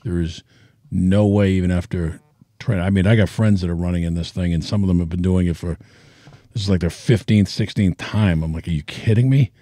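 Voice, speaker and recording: Deep-voiced man, mellow. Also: fairly even intonation, brisk, no room sound, studio quality. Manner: earnest, steering the talk. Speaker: podcast host. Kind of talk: casual chat.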